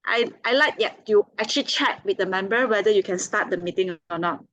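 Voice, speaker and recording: A woman's voice: medium pitch, brisk, a bit bright, no room sound, dull audio. A woman acting as general evaluator at a speaking club, giving a complimentary, chatty evaluation speech and filling gaps with "like".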